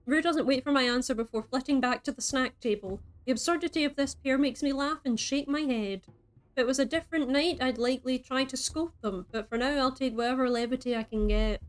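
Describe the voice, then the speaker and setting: A woman reading a story game aloud as a streamer, breaking in with playful, chatty asides. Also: sits high.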